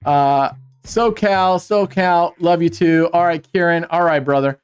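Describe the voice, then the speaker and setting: A man's voice: on the high side, unhurried, smooth. A man hosting a livestream giveaway, chatting casually and teasing viewers in playful banter. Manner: joking, teasing banter with chat. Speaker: livestream host.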